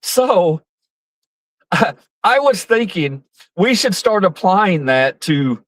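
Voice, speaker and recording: A man's voice: high voice, sing-song, extremely slow, fairly bright tone, no echo. A man giving casual, rambling political commentary on his stream, profane and mocking, with frequent restarts.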